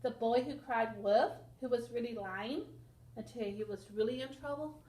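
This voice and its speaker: A woman teacher reading a picture book aloud to children, expressive and asking them questions. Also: a little high, moderate pace. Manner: expressive, asks listeners questions, sound effects. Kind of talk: children's read-aloud lesson. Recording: echoey room with faint noise.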